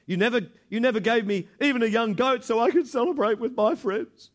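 Brief: man doing a grumbling elder son, pointing the finger, a little higher. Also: slow pace. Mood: resentful. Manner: complaining, accusatory. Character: resentful older brother, grown man, self-righteous.

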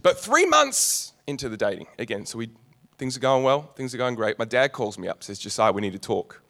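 Animated man preaching a sermon. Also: medium pitch, brisk, gravelly. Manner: storytelling, animated, with humorous asides.

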